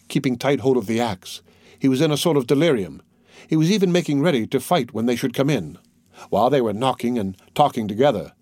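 A man's voice: medium pitch, darkish tone, no echo. Man narrating a novel, dry close sound. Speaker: audiobook narrator. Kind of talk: scripted narration.

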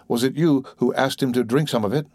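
A man's voice: mid-range voice, a little fast, darkish tone, dry recording, studio quality, lightly acted. A man voicing a grave male doctor who asks curt, commanding questions. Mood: urgent.

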